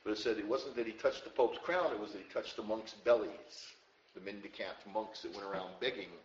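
A man preaching a verse-by-verse Bible teaching sermon in a conversational way, getting louder when he quotes a verse and dropping low for asides. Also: a little fast. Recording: roomy, dull audio with faint ambience.

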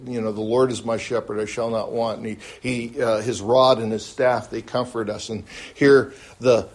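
A man teaching a Bible study class, pausing often with fillers and restarts, and answering questions politely. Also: fairly low pitch, a little mellow, slightly rough. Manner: halting, many fillers and restarts; polite, answers with "yes, ma'am".

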